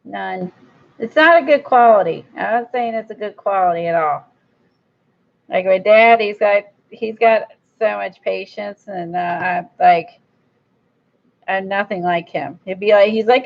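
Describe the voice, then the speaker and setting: A woman talks through her craft project in loose, rambling chat and speaks bluntly about her lack of patience. Her voice has a gravelly fry to it. The recording sounds dull and lo-fi. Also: mid-range voice, fairly even intonation, moderate pace. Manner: blunt, rambling, self-described impatient. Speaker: crafter vlogger. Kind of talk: casual chat while crafting.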